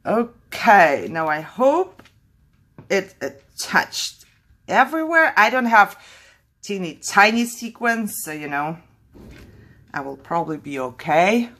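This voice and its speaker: A woman's voice: on the low side, big pitch swings, slow, fairly bright tone. A woman hosting a casual craft tutorial, chatty and thinking aloud, laughing at her own mistakes as she works.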